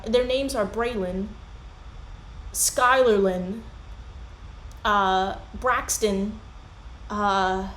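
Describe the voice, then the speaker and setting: A young woman in casual commentary chat, rambling and animated as she drifts from one tangent to the next. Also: medium pitch. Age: young adult. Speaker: commentary YouTuber. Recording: echoey room with faint hiss.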